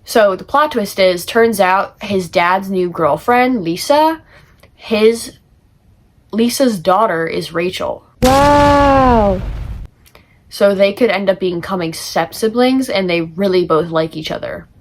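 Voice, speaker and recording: A woman's voice: medium pitch, lively intonation, slow. A teenage girl giving a casual, chatty book summary for a class project, full of fillers and laughter. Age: teens. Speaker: student.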